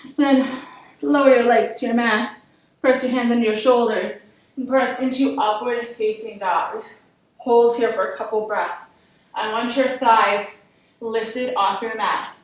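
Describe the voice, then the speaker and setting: A woman's voice: a little high, fairly even intonation, a little slow, far from the mic. A woman yoga instructor guiding a workout class, encouraging and counting down reps. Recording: echoey room, voice from off-mic.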